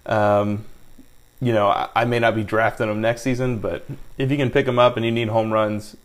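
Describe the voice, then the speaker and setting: A man's voice: lowish voice, flat delivery, normal speed. A man with a somewhat nasal voice co-hosting a casual fantasy baseball chat, emphatic and joking. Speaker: fantasy baseball podcast co-host.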